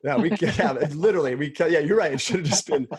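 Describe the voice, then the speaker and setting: A man hosting a casual interview, reacting quickly and laughing along with his guest. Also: a little high, husky. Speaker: podcast host.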